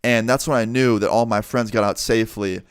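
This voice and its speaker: A man's voice: on the low side, brisk, clear, resonant tone, dry recording. Young man telling a story, dry sound. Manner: animated, swears freely, acts out quotes. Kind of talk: casual storytime narration.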